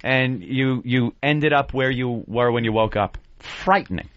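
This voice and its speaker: Mid-pitched male radio host, wry quipster, dry muffled broadcast. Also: fairly bright tone, no room sound. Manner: wry, quick quips and easy laughter. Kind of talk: casual radio banter.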